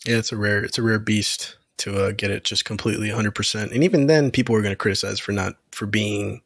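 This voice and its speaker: A man's voice: lowish voice, steady tone, quick pace, fairly bright tone, no room sound, studio quality. A man co-hosting a podcast in casual chat, easygoing and agreeable as he tells a story. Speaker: podcast co-host.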